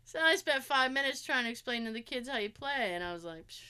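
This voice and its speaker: A woman in her forties co-hosting a casual chat show, telling animated family stories with plenty of swearing and acted-out quotes. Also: high voice, fast talker, very noisy. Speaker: podcast co-host.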